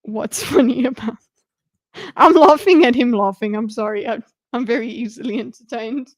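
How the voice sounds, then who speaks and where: A chatty woman streamer gives casual live commentary over a debate video. She giggles easily and answers the people on screen. Her voice sits fairly high and sounds close and dry. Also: normal speed, no echo.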